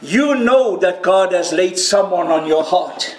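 A man preaching a sermon to a congregation and viewers at home, crying out quoted prayers loudly and joking with his listeners. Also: high voice, lively intonation, unhurried, a little hiss or hum. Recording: roomy hall with faint ambience.

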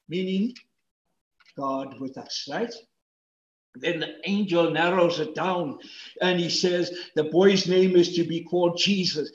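A man preaching a sermon as pastor, swinging between loud emphatic peaks and hushed asides. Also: on the high side, measured pace, echoey room, highs cut off.

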